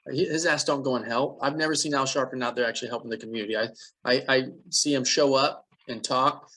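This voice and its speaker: A man's voice: mid-range voice, steady tone, quick pace, sharp tone. A man co-hosting a podcast, talking bluntly and profanely in a rambling, casual political chat. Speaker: podcast co-host.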